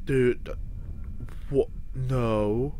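A man watching a game showcase and reacting out loud, excited, swearing and talking to himself. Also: medium pitch, drawn-out words, slight background noise. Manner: excitable, shouting and swearing in bursts. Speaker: reaction video maker. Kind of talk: live reaction commentary.

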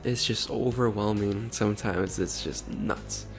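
A man's voice: on the low side, measured pace. Sarcastic, exasperated man with faint music. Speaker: vlogger. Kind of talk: casual commentary.

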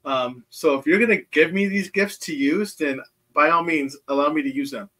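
A man's voice: on the high side, moderate pace, sharp tone. A middle-aged man, a guest on a chat show, talking in an outgoing way and laughing often, recorded on a remote call from home. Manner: outgoing, laughs often, talks about himself readily. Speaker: guest psychic medium. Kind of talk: casual chat. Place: home in Nebraska.

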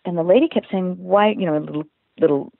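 An older woman, a singer and voice actress, telling stories as an interview guest over the phone in a chatty, lively way. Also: on the low side, fast talker, creaky, no echo. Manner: chatty, storytelling, animated quotes. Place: home in California. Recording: dry tinny phone line.

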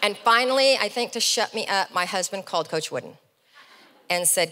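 A middle-aged woman giving a motivational keynote speech on stage, telling stories as a lively, animated storyteller with comic asides. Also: medium pitch, moderate pace, in a large hall. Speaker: keynote speaker. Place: large event hall, on stage.

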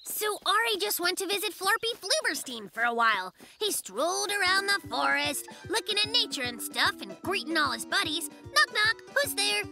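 Cartoon boy bear, very high voice, lively, rhyming storyteller, music behind. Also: normal speed, creaky, few pauses, heavily acted. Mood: playful. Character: playful young male bear telling a tall tale. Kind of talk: cartoon voice acting.

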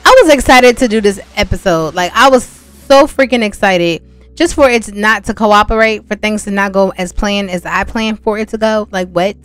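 A woman's voice: mid-range voice, moderate pace, a bit bright, smooth, no echo. Chatty young woman narrating gameplay. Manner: chatty, talks straight to viewers, exasperated asides. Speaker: gameplay vlogger. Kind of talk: casual gameplay commentary.

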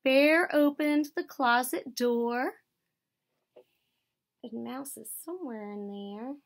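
American woman teacher, storybook read-aloud; unhurried, slightly high, gentle. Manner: gentle, explains words to children. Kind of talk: children's picture book read-aloud. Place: school.

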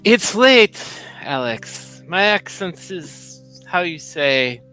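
A man's voice: fairly high pitch, very animated, slow, pushed and bright, clear, resonant tone, faint music behind, voice pushed up, exaggerated voice. A man voicing a flirtatious Russian nightclub hostess with a put-on Russian accent, teasing and coaxing. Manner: teasing, coaxing, calls everyone darling.

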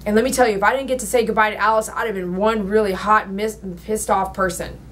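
A woman who works as a dog groomer, telling a personal story in her salon while she works, rambling and emotional with sudden loud exclamations. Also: medium pitch, fairly even intonation, fast. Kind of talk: casual storytelling while working.

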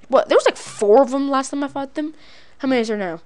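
A woman giving playful, excitable let's-play commentary, letting out cartoonish battle cries and laughs as she fights. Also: fairly high pitch, quick pace, soft background music. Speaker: gaming video creator.

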